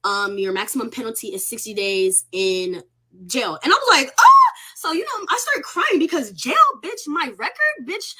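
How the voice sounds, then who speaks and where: A young woman recounts an ordeal in a bright, forceful voice. She sounds shaken and on the edge of tears, and she speaks candidly with plenty of swearing. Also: on the high side, expressive, normal speed, slightly rough. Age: young adult. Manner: emotional, candid, swears freely, on the verge of tears. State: shaken, close to crying. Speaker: college student telling her story. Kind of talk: casual livestream storytelling.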